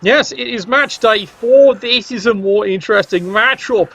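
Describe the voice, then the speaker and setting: A man's voice: high-pitched, measured pace, vocal fry, a bit bright, breathy edge. A man giving casual, chatty commentary on a tabletop-style video game, joking with viewers in the chat.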